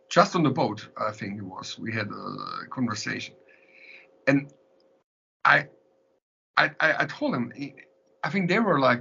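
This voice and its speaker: A man with a German accent telling animated stories in an interview, often laughing and restarting his sentences. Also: mid-range voice, slight background noise. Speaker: interviewed musician. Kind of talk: storytelling in an interview. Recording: lo-fi recording.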